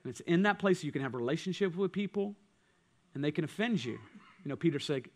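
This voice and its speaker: A man preaching a sermon as pastor, swinging from loud passages to hushed ones. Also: fairly high pitch, expressive, quick pace. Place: church.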